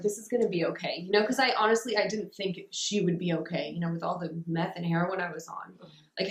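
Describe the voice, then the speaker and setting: A young woman telling her personal recovery story in an interview, talking casually and rambling with many fillers. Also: medium pitch. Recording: roomy echo.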